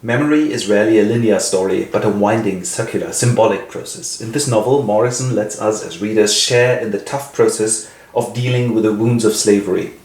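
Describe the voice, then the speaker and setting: A man's voice: lowish voice, brisk, darkish tone. A man casually retelling a novel as host, breezy with playful asides. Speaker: literature summary host. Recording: roomy echo.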